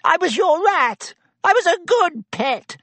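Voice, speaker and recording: A man voicing a cowering, desperate male traitor who begs in a high, shrill, whimpering voice. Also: very animated, a little slow, sharp tone, dry recording, full character voice. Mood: pleading.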